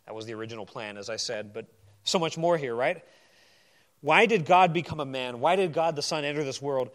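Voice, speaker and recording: A man preaching a sermon, working through a Bible passage verse by verse and moving between emphatic declarations and quiet asides. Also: medium pitch, brisk.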